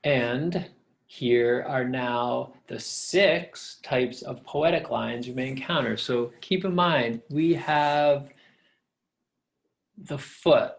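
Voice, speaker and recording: A man's voice: mid-range voice, extremely slow, vocal fry. A middle-aged man, a professor, patiently explaining step by step in a recorded lecture.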